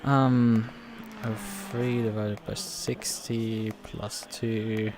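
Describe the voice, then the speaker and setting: Streamer: man with a German accent, low voice, halting live commentary, faint hiss behind. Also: flat delivery. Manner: thinks aloud, halting, self-correcting. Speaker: sim racing streamer.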